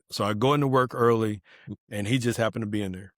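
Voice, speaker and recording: A man speaks in a fairly low voice, telling a personal testimony with earnest feeling. He acts out the lines of the people in his story. The recording is dry and close. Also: steady tone, fast talker, no room sound. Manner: earnest storytelling, acting out quoted dialogue. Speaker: podcast guest. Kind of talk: personal testimony in casual conversation.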